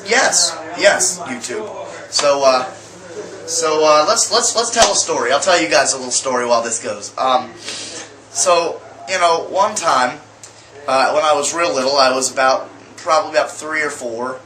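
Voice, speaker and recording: A young man talks to his camera in a loose, rambling way, stumbling over fillers and restarting his sentences. His voice is bright and forward. The room around him echoes, with a faint hum of ambient noise underneath. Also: a little high, a little slow. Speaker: vlogger. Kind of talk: casual storytelling to camera.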